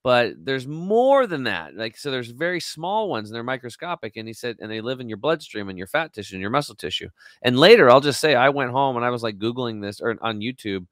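A man's voice: medium pitch, quick pace, dry recording, studio quality. A man in his forties, a guest in an interview, telling a story with lots of energy and acting out what people said. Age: 40s. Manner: energetic, acts out quotes.

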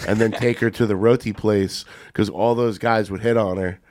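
A man's voice: lowish voice, steady tone, moderate pace, a little mellow. A man co-hosting a casual comedy podcast, reading plugs in a laid-back, joking way. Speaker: podcast co-host. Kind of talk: casual chat.

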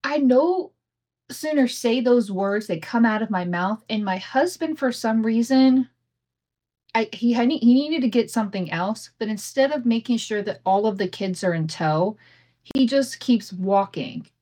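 Speaking unhurriedly in a warm, slightly high voice with lively intonation, a podcast host in her thirties shares a family story. She's candid and casual, curses freely, laughs often, and the home recording has imperfect audio.

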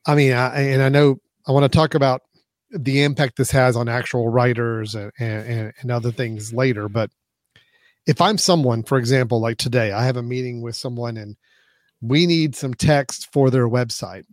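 A man's voice: medium pitch, steady tone, normal speed, no room sound. Rambling male co-host, dry sound. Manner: rambling, many restarts, laughs easily. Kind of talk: casual tech chat.

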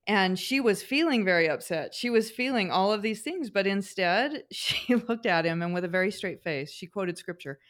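A woman's voice: mid-range voice, animated, moderate pace, hardly any pauses, a bit bright. A middle-aged woman co-hosting a podcast, telling family stories in a casual chat, with frequent fillers and restarts. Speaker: podcast co-host.

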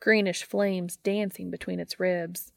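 A woman's voice: lowish voice, little pitch movement, unhurried, creaky, dry recording. A woman narrating a comic story with a wry, dry delivery. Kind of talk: fan fiction reading.

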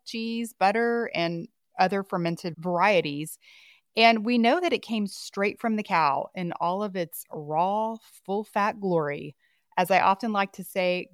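A woman's voice: on the low side, no echo. A woman hosting a podcast, upbeat and enthusiastic, speaking into a close studio mic. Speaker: podcast host. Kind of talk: lively scripted podcast hosting.

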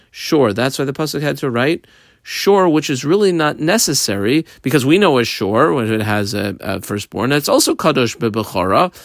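An animated man teaching a Talmud lesson, his pitch leaping high and low as he explains and questions. The sound is dry and close, with no room echo around his voice. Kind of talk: daf yomi lesson.

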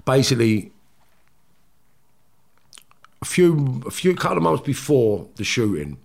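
A man, a guest telling blunt, animated stories in a casual interview and swearing freely. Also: medium pitch, fairly quick, gravelly.

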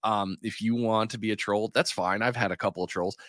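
A man hosting a podcast with a lowish voice, asking questions in a loose, joking way. His blunt, teasing talk comes through a dry, close recording with no room sound. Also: fairly even intonation, a little fast, fairly bright tone, no echo. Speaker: podcast host. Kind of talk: casual interview chat.

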